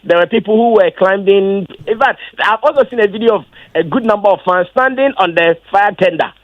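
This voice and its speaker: A man, an event organizer answering interview questions as an emphatic storyteller whose voice leaps high when he gets excited. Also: fairly quick, no room sound. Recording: dull lo-fi dry sound.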